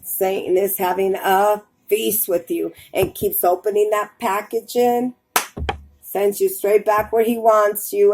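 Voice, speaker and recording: A woman's voice: mid-range voice, steady tone, measured pace, darkish tone, soft background music, poor audio. A woman preaching fervently from a Bible reading, urging her listeners with repeated warnings. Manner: fervent, urgent, repetitive warnings.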